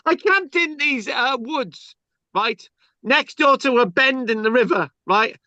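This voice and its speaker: A man tells rambling stories, stumbling over his words and checking in with "right?" as he goes. His voice sits high and bright. The sound is dry and dull, like a lo-fi recording. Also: lively intonation, a little slow, no echo. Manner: rambling, stammering, punctuates with "right?". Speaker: channel host. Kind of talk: casual storytelling chat.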